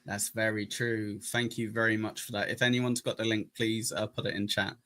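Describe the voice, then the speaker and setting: A man's voice: lowish voice, level tone, moderate pace. Chatty English man hosting a stream. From England. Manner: chatty, jokey, thanks donors warmly. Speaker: streamer host reacting to clips. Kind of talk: casual live-stream chat.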